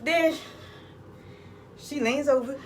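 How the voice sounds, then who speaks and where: A woman's voice: high voice, takes it slowly, recorded from a distance, a little hiss or hum, poor audio. A woman telling a crude, rambling comic story outdoors in the cold. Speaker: comedic vlogger. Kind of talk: profane comedic storytelling.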